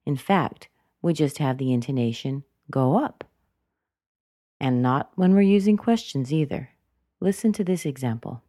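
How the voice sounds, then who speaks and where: A woman teaching a pronunciation lesson, speaking deliberately and demonstrating example sentences. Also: sits low, animated, warm tone, no echo, clean studio sound. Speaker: accent coach.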